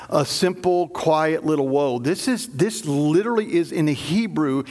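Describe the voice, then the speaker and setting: High-voiced preacher, dramatic hushed drops. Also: male voice. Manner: dramatic, drops to low hushed tones for emphasis; acts out quoted voices. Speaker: pastor. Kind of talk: sermon.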